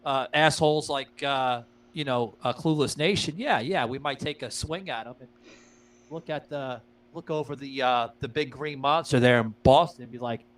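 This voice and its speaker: A man's voice: mid-range voice, normal speed, low-quality recording. A man hosting a podcast, talking loosely and profanely with a lot of fillers and laughs, and addressing the listeners as guys. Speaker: podcast host. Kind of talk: casual podcast chat.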